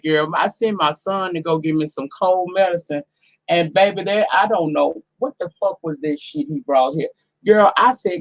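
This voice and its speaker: Hoarse, sassy woman host with a cold. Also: fairly low pitch. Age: 40s. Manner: sassy, profane, talks straight to the chat. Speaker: livestream host. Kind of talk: casual live-stream chat. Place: her home.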